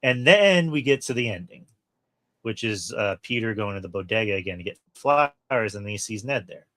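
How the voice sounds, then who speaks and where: A man with a lowish voice hosts a relaxed film review chat. He walks through scenes one by one and acts out what the characters say. The sound is dry and close. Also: normal speed, no echo. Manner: retells scenes at length, acting out lines. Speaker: podcast host. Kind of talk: casual movie review chat.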